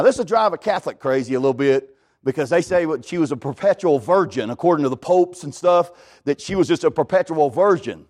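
Preacher guy, fairly high voice, folksy and fired up, keeps saying hey listen to me. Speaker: pastor. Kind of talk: sermon.

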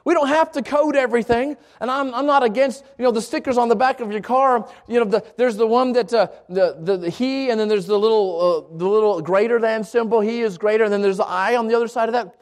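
A man's voice: very high voice, quick pace, few pauses. A middle-aged male pastor telling a personal story in a sermon, with frequent restarts and repeated words. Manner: storytelling with many restarts and stammers.

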